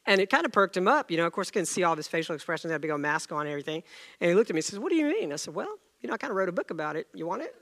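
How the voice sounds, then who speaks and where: A middle-aged male preacher delivering a sermon through a personal story. His voice sits a little high for a man, with a bright, forceful tone and a gravelly rasp. He acts out the dialogue with animated shifts as he tells it. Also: racing. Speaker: pastor.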